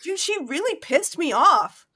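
A woman's voice: extremely high pitch, sing-song, measured pace, bright, forceful tone. A woman gossiping angrily and profanely in casual stream chat.

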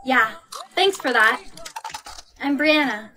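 A woman's voice: sits high, lively intonation, slow pace, sharp tone, a little hiss or hum. A young woman acting in a scripted comedy skit, with exaggerated, dramatic delivery. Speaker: skit creator playing the lead.

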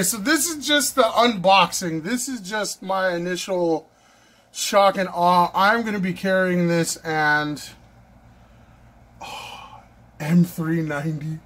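A man's voice: a little high, measured pace, fairly bright tone. A man unboxing a knife for his vlog, gushing and breathless, repeating himself as he talks. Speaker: knife collector vlogger.

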